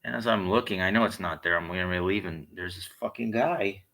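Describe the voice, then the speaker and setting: A man's voice: low voice, a little fast, vocal fry, pushed and bright, rough recording. A man delivering a blunt, heated monologue full of swearing. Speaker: vlogger. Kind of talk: profane monologue rant.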